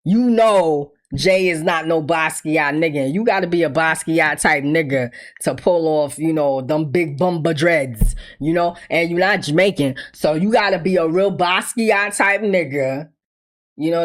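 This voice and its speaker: A woman hosting a casual gossip commentary show, talking in an animated, profane, chatty way. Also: on the low side, normal speed. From New York. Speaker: host.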